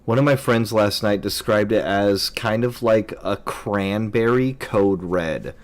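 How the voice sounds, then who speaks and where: A young man chats casually while he streams a game. He rambles and fills his pauses with ums as he answers viewers. His voice sits on the low side. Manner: rambling, filler-heavy, answers chat questions.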